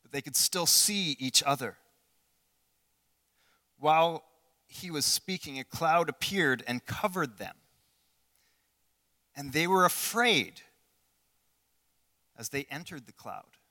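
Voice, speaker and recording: Bright-voiced preacher in a reverberant hall. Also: male voice, high voice. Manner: earnest, asks the listeners questions, swings between loud and hushed. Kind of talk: sermon.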